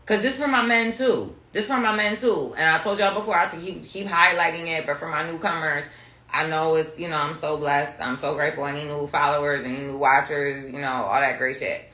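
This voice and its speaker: A woman's voice: deep voice, fairly even intonation, fairly quick, bright, forceful tone. A woman tarot reader chatting casually on a live stream at home, blunt and profane. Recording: roomy echo.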